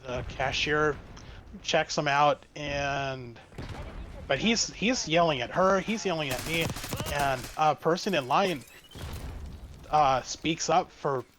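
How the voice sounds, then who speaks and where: A man chatting casually as an interview guest, telling a long story that wanders with frequent restarts. His voice sits slightly high for a man, and a light hiss of noise runs underneath. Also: takes it slowly, a bit bright. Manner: rambling, with many restarts and fillers. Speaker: streamer guest.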